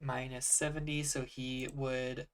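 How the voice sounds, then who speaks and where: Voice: mid-range voice, flat delivery, a little slow, slight background noise. Casual game master narrating a scene. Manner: casual, filler-heavy, works out rules aloud.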